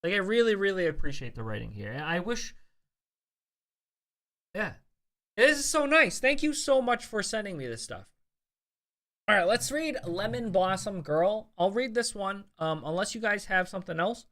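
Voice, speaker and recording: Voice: medium pitch, expressive, measured pace, pauses often, bright, forceful tone. A young adult streamer chatting casually with viewers, swearing often and full of fillers and restarts. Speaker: streamer host. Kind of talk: casual live-stream chat.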